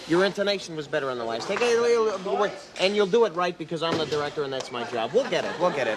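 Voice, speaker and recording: Bossy high-pitched man playing a director. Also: big pitch swings, fast, few pauses. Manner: bossy, theatrical, erupts into shouting. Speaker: comic playing a film director. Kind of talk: improvised comedy sketch. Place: TV studio with audience. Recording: noisy broadcast tape.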